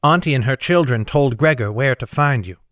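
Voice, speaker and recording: A man's voice: mid-range voice, animated, a little fast, a bit bright, no echo, studio quality, natural voice. A man reading an audiobook, voicing an earnest, wary young woman with a lightly raised voice.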